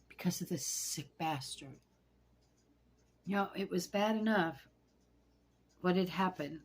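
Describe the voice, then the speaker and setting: A woman telling a personal story to camera in a rambling, halting way, shaken and anxious, with hushed asides. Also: on the low side, slightly rough.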